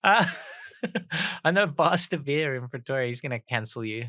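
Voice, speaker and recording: A man's voice: medium pitch, lively intonation, normal speed, sharp tone, no echo, studio quality. A man with a South African accent co-hosting a comedy trivia podcast, teasing his partner in casual chat and laughing often. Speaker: podcast co-host.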